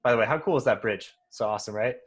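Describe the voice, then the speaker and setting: A man's voice: medium pitch, rapid-fire, slightly rough. A man co-hosting a podcast, talking through a book review in a casual, thoughtful way, explaining his points at length. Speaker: podcast co-host.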